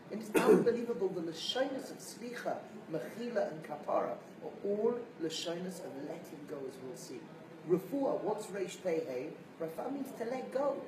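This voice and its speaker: A man giving an animated sermon-style lecture as a rabbi, telling stories and acting out voices. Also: sits high. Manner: animated storyteller, acts out voices. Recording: roomy, distant mic, faint hiss.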